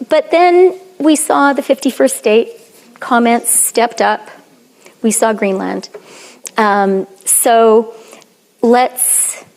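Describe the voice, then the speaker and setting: Earnest woman giving a public lecture. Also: on the high side. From Canada. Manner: earnest, measured, with many um and uh fillers. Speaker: guest lecturer. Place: lecture hall.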